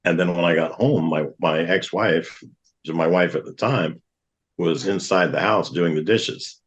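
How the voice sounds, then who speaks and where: A man's voice: sits low, normal speed, highs cut off. A middle-aged man, a guest on a talk show, earnestly telling a personal testimony and acting out what others said. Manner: earnest, vivid retelling with acted-out quotes.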